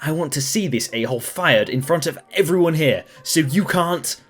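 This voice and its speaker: A man reading a story aloud, voicing an angry, entitled woman customer who shouts demands. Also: a little high, lively intonation, moderate pace, husky, soft background music. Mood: furious. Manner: indignant, shouting accusations.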